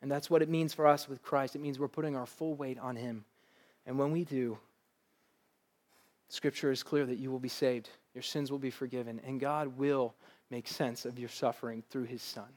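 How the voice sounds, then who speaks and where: A man's voice: mid-range voice, fairly even intonation, normal speed. A male pastor preaching a sermon to a live congregation in a church, earnest and conversational, with light laughs.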